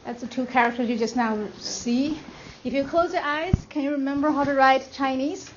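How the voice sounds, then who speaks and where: A woman's voice: high voice, normal speed. A woman teaching a beginner language class, patiently modeling words for her students to repeat. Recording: dull audio, noisy classroom.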